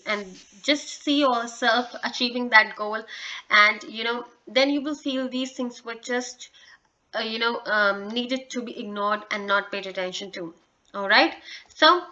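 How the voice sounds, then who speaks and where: A woman's voice: a little high, sharp tone, highs cut off. A woman hosting a casual video English lesson, speaking encouragingly with frequent hesitations and restarts. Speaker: English teacher and channel host.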